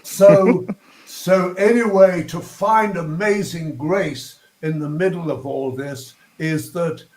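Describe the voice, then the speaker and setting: An older man with a posh southern English accent speaks slowly and thoughtfully, pausing and restarting as he looks for words. His voice sits a little high for a man. The recording has a noticeably roomy, echoey sound. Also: fairly even intonation, darkish tone. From England. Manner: slow, thoughtful, searching for words with ums and restarts. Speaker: guest. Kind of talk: reflective interview talk.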